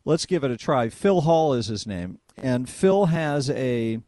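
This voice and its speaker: A man's voice: medium pitch, lively intonation, unhurried, dark tone, no room sound, clean studio sound. A man hosting a talk radio show, interviewing a guest in a rambling way with many fillers and restarts.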